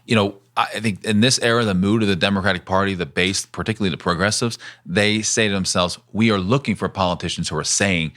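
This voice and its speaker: A man's voice: on the low side, fairly even intonation, fast talker, few pauses, a bit bright. A man being interviewed as a political candidate on a podcast, speaking earnestly in a campaign style. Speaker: congressional candidate, guest.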